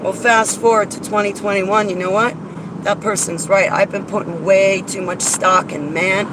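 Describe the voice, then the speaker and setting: A woman's voice: medium pitch, steady tone, moderate pace. Blunt ranting woman with traffic noise. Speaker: vlogger. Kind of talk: casual venting vlog. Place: in and around a car outdoors.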